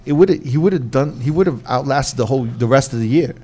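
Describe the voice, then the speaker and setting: A man's voice: mid-range voice, brisk, a little mellow, slight background noise. Laid-back slangy man hosting a podcast. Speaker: podcast host. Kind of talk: casual chat.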